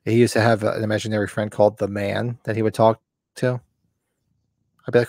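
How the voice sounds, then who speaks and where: Middle-aged man, livestream host, casual chat, lively anecdotes, dry close sound. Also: on the low side, fast, no room sound. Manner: animated storytelling, acts out voices in anecdotes.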